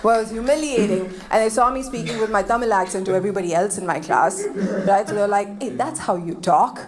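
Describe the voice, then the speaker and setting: A woman from Kenya delivers a stand-up set into a stage mic, her delivery animated and playful as she drops into mock accents. Loud crowd laughter rolls beneath her. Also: medium pitch, quick pace. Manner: animated, slips into put-on accents for jokes. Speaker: stand-up comedian. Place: comedy stage before a live audience.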